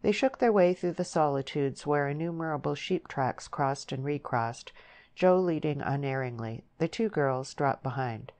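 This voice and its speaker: Low-voiced woman reading a novel. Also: darkish tone. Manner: measured, descriptive storytelling. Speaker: audiobook narrator. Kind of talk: scripted narration.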